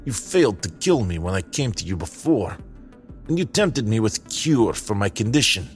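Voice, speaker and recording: A man voicing a sad, weary old male wanderer who speaks haltingly and drops small words. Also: fairly low pitch, sing-song, soft background music, voice pushed up. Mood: sorrowful. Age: older.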